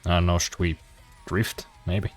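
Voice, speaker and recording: Man, deep low voice, casual gameplay chatter, dry self-deprecating humor, swears freely. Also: little pitch movement, a little slow, soft background music. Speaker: streamer.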